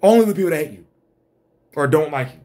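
A man's voice: fairly high pitch, lively intonation, fast, mellow. Blunt, profane man ranting. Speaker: host. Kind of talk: ranting commentary.

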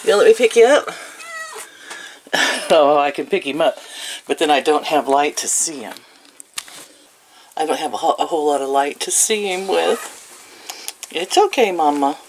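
There's a little hiss or hum behind this older woman's low-side voice as she vlogs casually at home. Laughing often, she coos and baby-talks affectionately to her animals.

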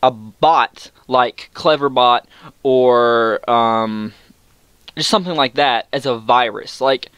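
Young man, vlogger, ranting storytime, sarcastic, sweary, mid-pitched voice, dry close sound. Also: takes it slowly, a bit bright, clean tone, dry recording. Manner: exasperated, sarcastic, swears a lot; jumps to high-pitched outbursts.

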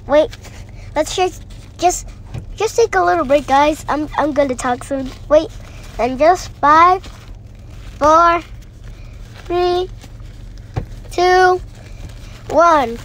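A woman who is sick, rambling excitably through let's-play commentary and repeating her phrases. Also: high voice, slow pace, long pauses, slight background noise, rough recording. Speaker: gamer.

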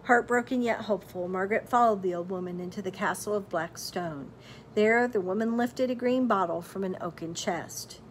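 Expressive woman reading a storybook. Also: mid-range voice, slight background noise. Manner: expressive, pauses to quiz listeners. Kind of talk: storybook read-aloud.

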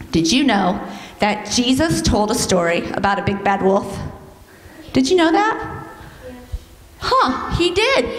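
A woman teaching a children's church lesson, telling a story in an animated, coaxing way and leading the kids in call-and-response. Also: sits high. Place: church sanctuary. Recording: echoey hall, heard from some distance.

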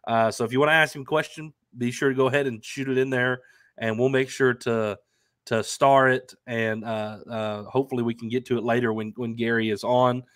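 A man's voice: mid-range voice, steady tone, brisk, a bit bright, no room sound, clean studio sound. Stuffy-nosed man hosting a sports stream. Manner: upbeat, chatty, lots of fillers and restarts. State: stuffy, nasal from allergies. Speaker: co-host. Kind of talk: casual sports talk stream. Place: at home in Arkansas. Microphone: remote stream microphone.

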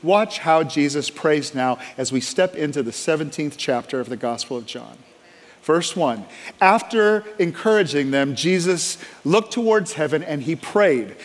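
A man's voice: fairly high pitch, lively intonation, measured pace, big-room sound. A male pastor preaching a sermon, emphatic, stacking repeated phrases and calling for an amen. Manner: asks the congregation for an amen. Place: large church sanctuary.

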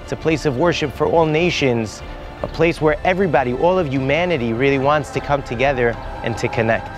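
A man's voice: mid-range voice, fairly quick, music in the background. A man, a rabbi and tour guide, telling a heartfelt story to visitors outdoors at a holy site, with Hebrew phrases mixed in.

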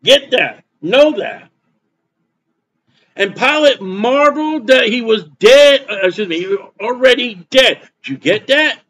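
A man's voice: very high voice, lively intonation, takes it slowly, fairly bright tone, poor audio. A man preaching a sermon as pastor, emphatic and repeating his points for stress.

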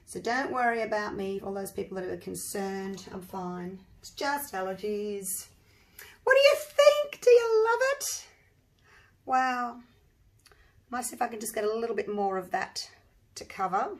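A woman with a husky voice talks casually as she works on a painting, thinking out loud as she goes. She breaks into bursts of excitement over the results. Her pitch sits right in the middle. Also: moderate pace. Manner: chatty, thinks aloud, bursts into excited exclamations. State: husky voice from allergies. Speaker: acrylic pour artist. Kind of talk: casual demonstration while working.

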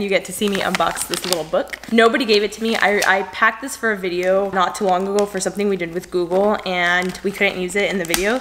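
A woman's voice: medium pitch, noisy background. A woman vlogging casually from home, chatting and rambling as she talks to her viewers, full of "like" and asides. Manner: chatty, rambling, heavy use of "like". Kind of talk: casual vlog chat to camera. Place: at home in a room with bookshelves.

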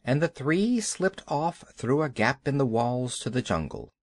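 A man reading a children's audiobook as narrator, unhurried and expressive. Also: medium pitch, no echo, clean studio sound. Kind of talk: scripted storybook narration.

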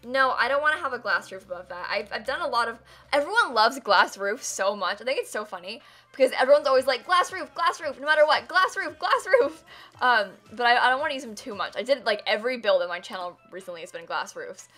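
A woman's voice: a little high, expressive, quick pace, fairly bright tone. A woman live-streaming a building game, chatting casually with her viewers, giggling and teasing herself as she works. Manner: chatty, giggly, self-mocking, talks to chat.

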